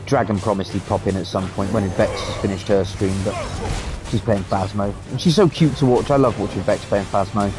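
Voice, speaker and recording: A man's voice: on the low side, a little fast, music in the background. A British man chatting casually and swearing freely as he streams a game. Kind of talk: casual live gameplay commentary.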